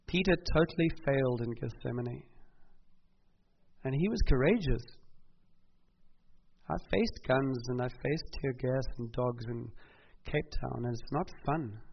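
A man's voice: mid-range voice, gravelly, husky. A middle-aged man, a pastor from South Africa, preaching a sermon earnestly and building to emphatic passages. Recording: slightly dull recording with faint noise.

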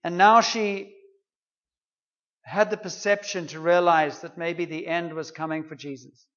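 A man's voice: on the high side, fairly even intonation, measured pace, a bit bright, lo-fi sound. A man preaching a sermon, retelling a story in an earnest, conversational way.

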